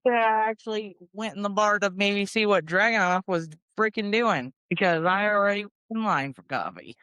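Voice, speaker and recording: A woman's voice: medium pitch, moderate pace, a bit bright, smooth, no room sound. A woman, a player at a tabletop game, chatting casually in a teasing, giggly way.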